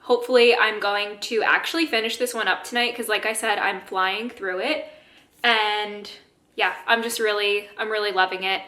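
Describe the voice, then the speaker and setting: A young woman talks in a casual reading vlog, chatty and enthusiastic, her words full of fillers as she rambles on. She is a little out of breath the whole time. Her voice is bright and crisp, and the room around her sounds echoey. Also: mid-range voice, fairly even intonation, moderate pace. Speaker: book vlogger. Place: home.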